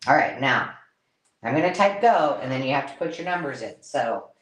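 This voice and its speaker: A woman hosting a live-stream craft sale, chatty and excitable, counting items aloud as she shows them. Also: a bass voice, moderate pace. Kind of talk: casual live-stream selling chat.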